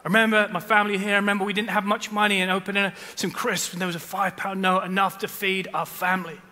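A man, preaching a sermon and telling stories with loud bursts and hushed asides. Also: high voice, fast talker, in a large hall. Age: 40s. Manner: animated storytelling, swings between loud bursts and hushed asides. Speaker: pastor. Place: large church hall.

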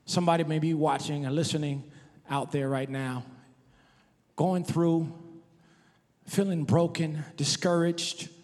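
Man preaching in a reverberant hall. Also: on the high side. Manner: testimonial preaching, shifting from soft to emphatic. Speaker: pastor. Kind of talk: sermon.

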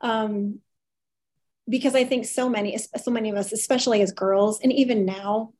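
A woman's voice: medium pitch, steady tone, normal speed, a little mellow. A woman being interviewed as a company CEO, talking candidly and emphatically and laughing easily. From farming family. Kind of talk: casual interview chat.

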